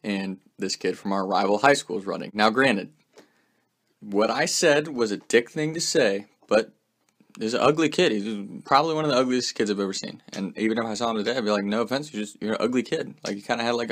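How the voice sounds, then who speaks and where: Young dude, kinda low voice, chill and rambly, swears a lot. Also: male voice, fairly quick, fairly bright tone. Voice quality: laid-back, swears freely, lots of "like". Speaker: storyteller. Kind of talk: casual anecdote.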